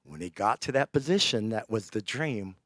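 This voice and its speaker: A man preaching a sermon, telling a scripture story with animated, acted-out character lines. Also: fairly low pitch, normal speed, no room sound, studio quality.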